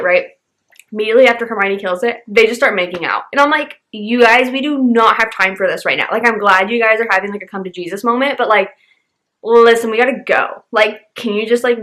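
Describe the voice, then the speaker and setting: A woman's voice: mid-range voice, a bit bright. Young girl gushing about books, bubbly and chatty, says like a lot, mid voice. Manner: bubbly, gushing, heavy use of "like". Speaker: book vlogger. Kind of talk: casual chat.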